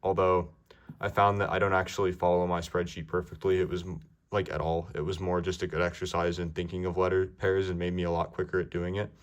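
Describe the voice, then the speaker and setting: A man's voice: low voice, level tone, fairly quick. A young man giving casual, ranty speedcubing tips, rambling with many fillers. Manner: rambling, lots of ums and likes.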